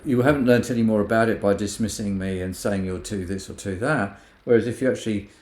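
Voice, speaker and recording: Gentle-voiced man in an echoey room. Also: lowish voice, fast talker. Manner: gentle, acts out quoted remarks in other voices. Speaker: podcast co-host. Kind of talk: casual reflective chat.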